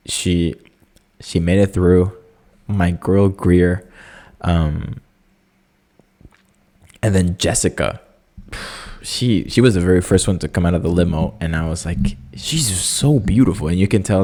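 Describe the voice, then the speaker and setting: A young man hosting a casual solo podcast, talking in an animated, jokey way with lots of fillers. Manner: animated, jokey, many fillers, squeaky excited impressions. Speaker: podcast host.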